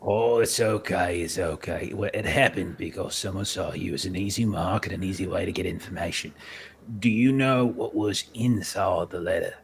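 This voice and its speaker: A man playing a tabletop game, talking in character in a calm, reassuring, dry way. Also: low-pitched, moderate pace, vocal fry, slight background noise. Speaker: player. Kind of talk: in-character play chat.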